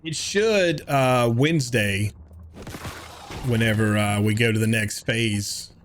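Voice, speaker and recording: A man's voice: lowish voice, slow, a little hiss or hum. Laid-back man chatting on a game stream. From New York. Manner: relaxed, chatty, reads chat aloud, swears offhandedly. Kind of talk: casual live-stream chat while gaming.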